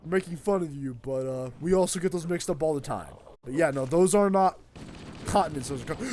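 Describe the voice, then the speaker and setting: A man's voice: fairly high pitch, a little fast, background noise. A young man streaming a game, rambling and swearing freely in casual chat with a friend. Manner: rambling, excitable, swears a lot.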